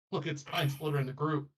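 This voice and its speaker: A man's voice: fairly high pitch, distant mic, rough recording. A man running a tabletop game as game master, rambling and laughing as he describes the scene. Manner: laughs often, loose and rambling.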